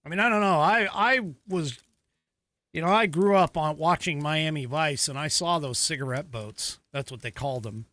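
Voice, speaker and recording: Brief: middle-aged man, casual commentary host, self-correcting, bright and animated, dry sound. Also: on the high side, normal speed, no room sound. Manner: conversational, with frequent fillers and self-corrections. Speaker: podcast host.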